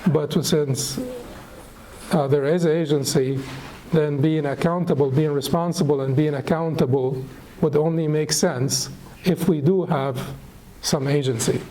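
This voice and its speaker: A middle-aged man teaching a lecture on spirituality, unhurried and thoughtful, pausing with fillers and restarting phrases. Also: on the high side, fairly even intonation, mellow, a little hiss or hum, poor audio. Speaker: Islamic studies teacher.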